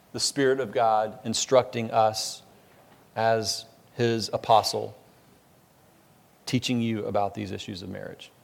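Man, pastor, expository sermon, emphatic, conversational, restarts phrases, mid pitch. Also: vocal fry, a little mellow.

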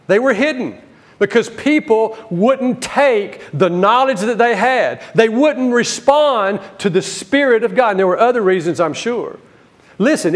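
Man, preacher, Bible teaching sermon, emphatic, fairly high voice. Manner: emphatic, rising to stress key words then dropping low.

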